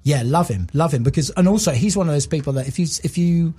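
An English man with a husky, slightly breathy voice talks in loose, enthusiastic anecdotes as a podcast guest. He rambles a little, restarts his sentences and pokes fun at himself as a fan. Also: on the high side, fast, mellow. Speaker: guest composer. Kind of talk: casual podcast chat, storytelling.

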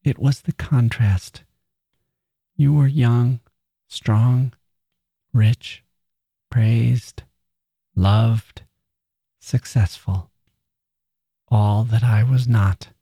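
A man voicing a frail, proud dying woman writer who speaks in a soft, earnest whisper, recorded dry and close. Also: mid-range voice, steady tone, very slow, long pauses, breathy edge, no echo, full character voice. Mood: wistful.

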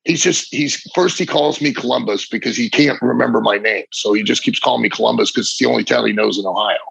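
A man's voice: mid-range voice, fast talker, creaky, a bit bright, slightly rough, no echo. A middle-aged man, a former wrestler, telling rambling, vivid stories in a casual interview, often restarting his sentences. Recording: dull lo-fi recording.

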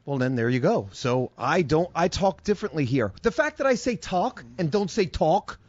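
A man's voice: on the high side, big pitch swings, moderate pace, no room sound, dull audio. A man from New York co-hosting a casual group podcast, reading promo copy and chatting about accents. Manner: reads promo copy aloud, then chats animatedly about accents. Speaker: podcast co-host.

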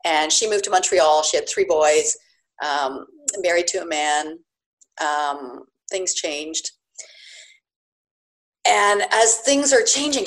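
A woman in her fifties, a guest on an interview podcast, talking in a chatty, animated way with many fillers. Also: mid-range voice, takes it slowly. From Canada. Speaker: guest, bed and breakfast owner.

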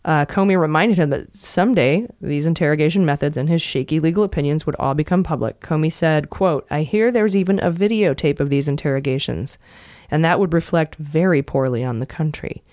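A woman's voice: low-pitched, brisk, hardly any pauses, a little mellow, no echo, studio quality. A woman hosting a casual podcast, earnestly recounting a story and reading passages aloud. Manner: earnest storyteller, emotional at times. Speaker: podcast host recounting a book.

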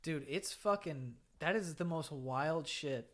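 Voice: medium pitch, slow pace. A podcast co-host telling crude stories and laughing through casual chat.

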